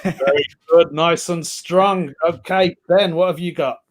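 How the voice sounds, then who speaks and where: A man hosting an online pun contest in a relaxed, casual way over a video call. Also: fairly high pitch, a little slow.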